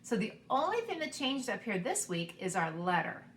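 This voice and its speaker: A woman teaching a preschool circle-time lesson, talking slowly and encouragingly to young children. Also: mid-range voice, big pitch swings, fairly bright tone, slight background noise. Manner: slow, sing-song, encouraging to young children.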